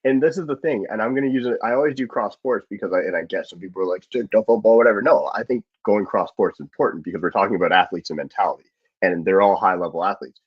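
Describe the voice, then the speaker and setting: A man debating football on a panel, talking fast, cutting in and acting out what players say. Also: deep voice, husky. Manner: fast, interrupting, acts out quotes. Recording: dull dry remote call audio.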